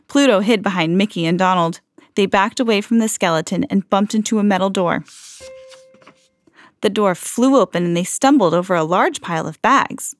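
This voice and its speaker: A woman hosting a read-aloud podcast, reading a children's storybook and slowing down for the suspenseful moments. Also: mid-range voice, no room sound, studio quality. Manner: slows down and swells for dramatic moments.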